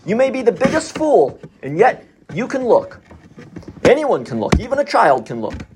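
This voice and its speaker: A man's voice: sits high, huge pitch swings, normal speed, voice pushed up, heavily acted. A man voicing a poor, uneducated country lay preacher with an Essex accent, preaching in a fervent, plain-spoken way. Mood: earnest. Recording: noisy recording.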